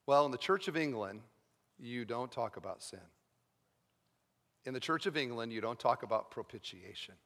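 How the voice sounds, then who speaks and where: A man's voice: medium pitch, animated, normal speed, pauses often, a bit bright. A man preaching a sermon as pastor, moving from chatty storytelling to fervent, earnest preaching. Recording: long reverb of a large hall.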